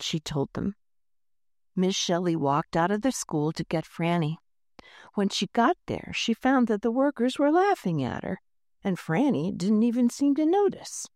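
A woman reading a children's book aloud, expressive and lively. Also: on the low side, measured pace, no room sound, clean studio sound. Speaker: storyteller.

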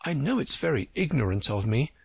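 A man's voice: medium pitch, big pitch swings, a little fast, slightly rough, no room sound, pitched above the performer's own voice. A man voicing a polite, earnest seven-year-old girl in a storybook.

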